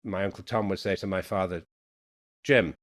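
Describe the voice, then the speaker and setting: A middle-aged man with a mixed Yorkshire, Irish and American accent, speaking in an unhurried, thoughtful way as a guest poet in a reflective conversation. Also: deep voice, flat delivery. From England, Yorkshire.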